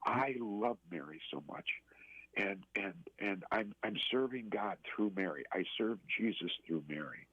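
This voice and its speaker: A man telling a personal story as a radio interview guest, earnest and halting, with many restarts. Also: on the low side, lively intonation, a bit bright, breathy edge, no room sound. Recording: tinny phone line.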